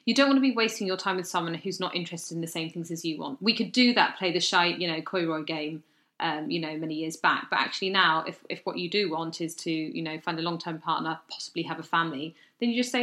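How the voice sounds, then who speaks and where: Chatty lower-voiced London woman. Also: fast. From South East London, England. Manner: chatty, animated, laughs easily. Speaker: podcast co-host. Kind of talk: casual chat. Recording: roomy echo.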